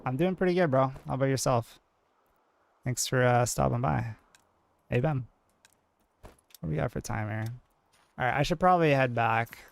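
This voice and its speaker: Mellow New England streamer guy. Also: mid-range voice, normal speed, gravelly, pauses often. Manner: mellow, monotone, many "like" fillers. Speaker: game streamer. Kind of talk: casual live-stream chat.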